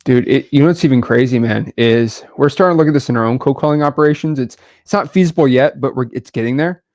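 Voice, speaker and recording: A young man hosting a casual podcast chat, energetic and emphatic, full of slang. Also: mid-range voice, fast talker. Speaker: podcast host, real estate investor.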